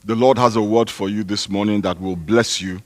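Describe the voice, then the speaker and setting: A pastor from Nigeria, out of breath, preaching a sermon in a church hall with a chatty, joking manner that rises to loud, emphatic declarations. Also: male voice, on the low side, fairly even intonation, fairly quick. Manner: chatty, joking, breaks into laughter.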